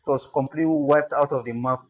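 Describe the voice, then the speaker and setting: A man's voice: medium pitch, fairly even intonation, fast, poor audio. A man giving an online lesson on spelling, thinking aloud, sounding out words and chuckling as he goes. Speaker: instructor.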